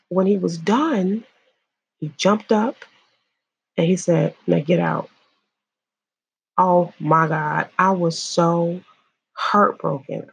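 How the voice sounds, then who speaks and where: A woman from Illinois giving earnest personal testimony, halting and repeating herself as she speaks to viewers. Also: lowish voice, gravelly, slightly rough, no echo. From Illinois, USA. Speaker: survivor sharing her story.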